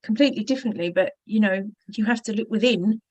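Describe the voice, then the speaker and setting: A woman's voice: mid-range voice, quick pace, a little mellow, dry recording, highs cut off. A woman hosting a casual interview, chatty and thinking aloud with tag questions. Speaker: interview host.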